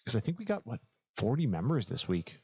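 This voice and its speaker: A man co-hosting a casual podcast in a relaxed, laughing way, easily sidetracked while he searches for things. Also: mid-range voice, brisk, breathy edge, no echo. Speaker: podcast co-host. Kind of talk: casual chat.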